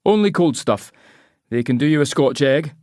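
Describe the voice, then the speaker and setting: Give me a man voicing a curt small-town barman, higher-pitched and brisk. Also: lively intonation, darkish tone, no echo, studio quality, lightly acted. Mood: offhand. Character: gruff local barman.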